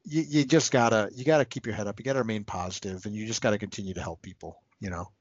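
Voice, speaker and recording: This comics writer, a podcast guest, talks fast in a husky voice on the low side. He speaks casually and from the heart, restarting a lot and getting choked up. The recording is dry and slightly muffled.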